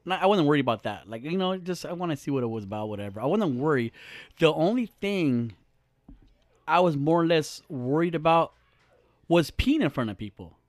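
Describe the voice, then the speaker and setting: A man's voice: fairly high pitch, animated, fairly quick, dry recording. A young man hosting a podcast, chatting casually, joking and swearing freely in a small studio. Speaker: podcast host.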